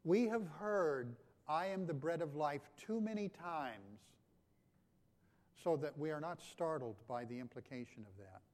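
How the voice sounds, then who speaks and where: Preacher swinging from hushed to loud. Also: male voice, fairly high pitch, animated, measured pace. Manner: swings from hushed to loud and emphatic, with repeated phrases. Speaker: pastor. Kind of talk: sermon.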